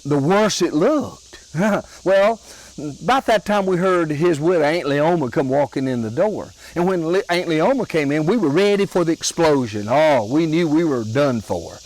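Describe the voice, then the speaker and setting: A man telling comic family stories in a slow, folksy, drawn-out way. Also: a little high, animated, darkish tone, poor audio. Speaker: storyteller comedian.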